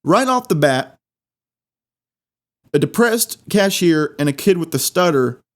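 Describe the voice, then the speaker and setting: Excitable man rambling through a funny story. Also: a little high, measured pace. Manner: rambling, excitable, repeats words for laughs. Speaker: podcast host. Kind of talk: comedic storytelling monologue.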